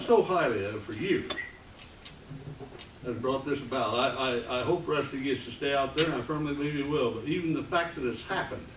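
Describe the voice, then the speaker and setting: A man in his eighties, from the United States, giving a rambling, halting public comment at a meeting. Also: medium pitch. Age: 80s. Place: meeting room. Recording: echoey room, distant mic, noisy.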